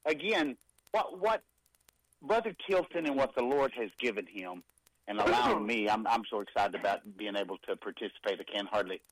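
A man from East Texas, a guest on a call-in ministry broadcast, talking in an excited, folksy way. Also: on the low side, normal speed, dry recording, rough recording.

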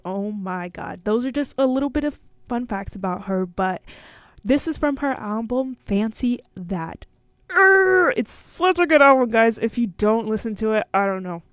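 A young woman hosts a college radio show, talking in a bubbly, rambling way with plenty of fillers. Her pitch sits mid-range, and the sound is dry and close to the mic. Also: normal speed, darkish tone, no room sound. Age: young adult. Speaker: radio host. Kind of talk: casual radio chat.

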